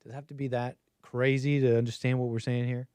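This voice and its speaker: A man's voice: mid-range voice, level tone, fast, darkish tone, clean tone, no echo. An American man hosting a livestream call-in show, talking in a sarcastic, mocking way. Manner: sarcastic, mocking quoted voices.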